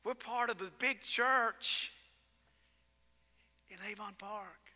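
High, bright preaching man in a reverberant sanctuary. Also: slow, pauses often. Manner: animated storytelling with sudden loud emphasis. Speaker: pastor. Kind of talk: sermon. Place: church sanctuary. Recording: long reverb in a church sanctuary.

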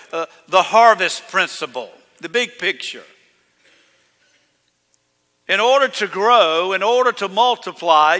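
A male pastor preaching a sermon in a folksy storytelling way, swinging between loud calls and hushed asides. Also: sits high, in a large hall.

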